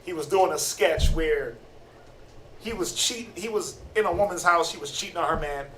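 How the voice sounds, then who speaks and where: A man giving a casual, slangy sermon-style Bible teaching, animated and conversational. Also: a little high, normal speed. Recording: roomy, distant mic, faint noise.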